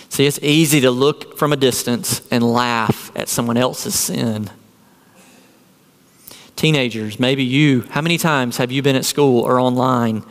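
A man's voice: mid-range voice, in a large hall. A man preaching a sermon as a pastor, earnest and full of rhetorical questions.

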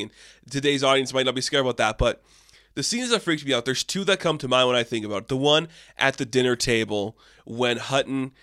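A young man giving a casual, animated film review on his own channel, swearing now and then and acting out quick quoted asides. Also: medium pitch, no echo, clean studio sound.

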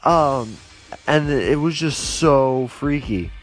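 A man's voice: mid-range voice, expressive, slow pace, faint music behind. A young man casually telling stories to his viewers, rambling with lots of fillers and restarts and livening up when he reacts. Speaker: vlogger. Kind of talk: casual storytelling to camera.

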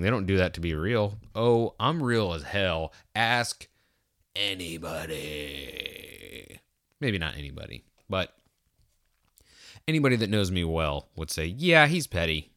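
A low-voiced man talks alone on his podcast, rambling and poking fun at himself. His voice comes through smooth and clear, and the close mic leaves almost no room sound. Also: a little slow, fairly bright tone, no echo. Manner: rambling, jokey, self-mocking. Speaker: podcast host. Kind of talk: solo podcast monologue.

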